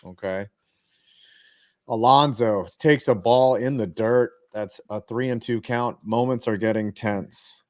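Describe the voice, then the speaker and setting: A man hosting a casual podcast, swearing and joking while calling each pitch of a baseball game. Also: takes it slowly, darkish tone. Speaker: podcast host. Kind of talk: casual chat with live baseball play-by-play.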